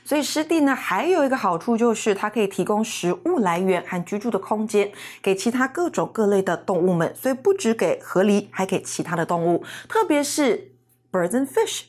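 A woman co-teaching a bilingual English lesson, explaining clearly. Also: medium pitch, sing-song, a little fast, a little mellow.

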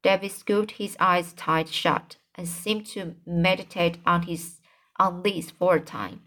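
A woman's voice: fairly low pitch, fairly even intonation, takes it slowly, a bit bright. A woman reading a classic novel aloud as an amateur audiobook narrator, with occasional slips and restarts. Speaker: audiobook reader.

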